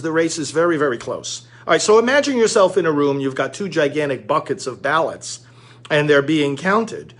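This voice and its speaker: A man's voice: high voice, a bit bright. A man from the United States giving an emphatic, lecturing monologue to viewers, repeating key words to drive his point home. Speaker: commentator.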